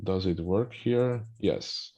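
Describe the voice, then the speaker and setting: A man with a Spanish accent, a native Spanish speaker, explaining a pronunciation app in a webinar in a halting way with frequent restarts. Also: deep voice, dark tone, slightly rough, dull audio. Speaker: guest presenting a pronunciation app.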